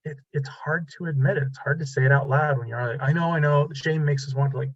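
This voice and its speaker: A man's voice: mid-range voice, quick pace, breathy edge, dry recording, muffled recording. A man in his thirties giving a casual, self-deprecating relationship talk to an audience, acting out bits of dialogue. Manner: animated, self-deprecating, acts out quoted dialogue. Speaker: relationship speaker.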